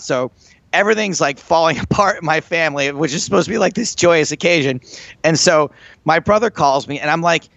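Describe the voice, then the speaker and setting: A man co-hosting a podcast, telling a long family story in casual chat, rambling and animated. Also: on the high side, quick pace, creaky, no room sound. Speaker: podcast co-host.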